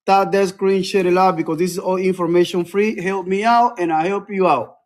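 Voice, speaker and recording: A man's voice: sits high, steady tone, brisk. A man talking casually on a phone livestream, repeating himself and urging viewers to act. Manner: repetitive, preachy, calls out to viewers.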